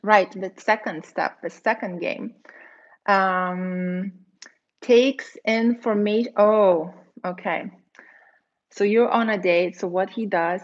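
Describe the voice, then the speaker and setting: Woman, dating coach, animated advice monologue, middle pitch, slightly muffled recording. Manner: animated, acts out quoted lines in a higher voice. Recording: slightly dull, lo-fi audio.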